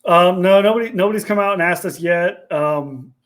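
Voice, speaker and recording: A man's voice: high-pitched, normal speed, a bit bright. Earnest man telling a painful story. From Ohio, USA. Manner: earnest, candid, swears casually. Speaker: podcast guest, veteran. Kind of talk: emotional personal storytelling.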